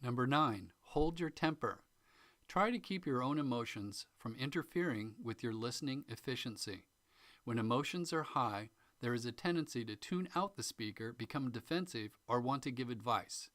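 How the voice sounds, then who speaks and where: A man's voice: medium pitch, fairly bright tone, no echo, studio quality. A man teaching customer-service listening skills, going through numbered tips and acting out short examples. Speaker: instructor.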